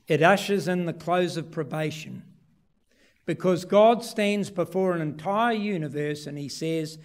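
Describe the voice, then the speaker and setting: High-voiced man preaching a lively sermon. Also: a little slow. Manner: storytelling, acting out voices with big swings in pitch and loudness. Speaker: pastor. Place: church.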